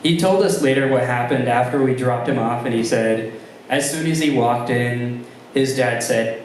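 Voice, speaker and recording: Young man, stand-up comedian, halting delivery, very roomy live sound, faint ambience. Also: medium pitch, far from the mic, slight background noise. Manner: halting delivery with many ums and restarts. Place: comedy club room with a live audience.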